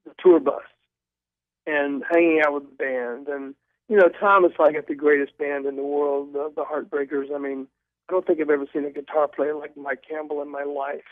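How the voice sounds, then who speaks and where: An older man calls in as a guest, spinning animated anecdotes and tripping over his own restarts. His voice sits a little high, and it comes through a narrow, tinny phone line with no room sound. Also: moderate pace, dry recording. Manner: animated storyteller, stumbling restarts. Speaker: guest author. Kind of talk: storytelling in a phone interview. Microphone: telephone.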